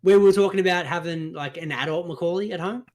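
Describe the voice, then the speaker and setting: A man's voice: high-pitched, quick pace, a little mellow. A man co-hosting a podcast, chatting easily and giving his opinions with casual swearing. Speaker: podcast co-host. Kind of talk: casual chat.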